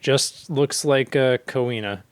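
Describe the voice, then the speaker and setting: A man's voice: medium pitch, measured pace, clean tone, no echo. Wry man cracking dry jokes. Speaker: podcast co-host. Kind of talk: casual chat recapping an anime.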